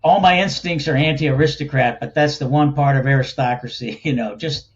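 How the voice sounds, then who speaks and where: A man's voice: mid-range voice, steady tone, fairly quick, dull audio. A man speaking as a guest in a casual interview, rambling in a folksy way and laughing often. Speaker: guest, think tank cofounder.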